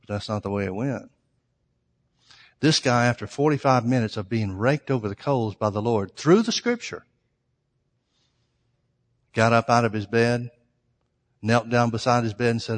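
A man's voice: mid-range voice, normal speed, long pauses. A man preaching a sermon, telling a story earnestly and addressing his listeners as folks. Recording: long hall reverb.

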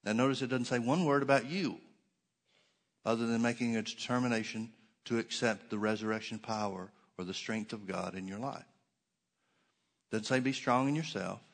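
A middle-aged man preaching a Sunday sermon from the pulpit. He talks at an ordinary pitch and leans into key words with slow, stressed repetitions. His tone turns sarcastic when he mocks ideas he rejects. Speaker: pastor.

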